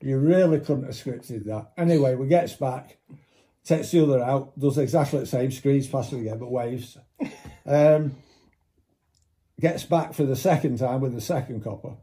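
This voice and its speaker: A man's voice: medium pitch, moderate pace, dark tone. A man telling a long anecdote in casual chat, swearing freely and acting out what others said. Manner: swears freely, mimics voices in quotes. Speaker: storyteller.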